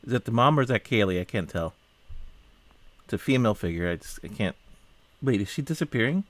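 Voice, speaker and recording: A man with a slightly low voice talks through a film in casual reaction commentary. He comes across as baffled and increasingly fed up. He keeps asking what he is looking at and often breaks off mid-sentence to start again. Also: animated, brisk. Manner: puzzled, exasperated, asks many questions; trails off and restarts mid-sentence.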